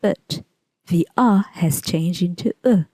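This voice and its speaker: Low, mellow-voiced woman teaching English. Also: no echo. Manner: measured, deliberate, enunciating example words slowly. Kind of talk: scripted lesson narration.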